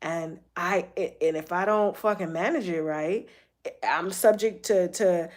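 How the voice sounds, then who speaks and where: A woman's voice: fairly low pitch, unhurried, a little mellow. A woman hosting a gossip show, talking candidly in a blunt, heavily profane way and repeating phrases for emphasis. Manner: repeats phrases and restarts often. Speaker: host of a celebrity gossip show. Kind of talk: candid personal monologue.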